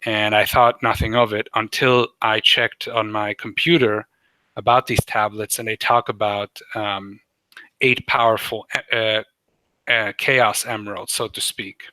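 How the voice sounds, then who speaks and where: A man's voice: lowish voice, flat delivery, unhurried, pushed and bright, no room sound, poor audio. A man voicing an old, wise male owl scientist who hoots and rambles through his warnings. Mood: earnest. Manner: hooting, rambling. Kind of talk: tabletop role-play voicing.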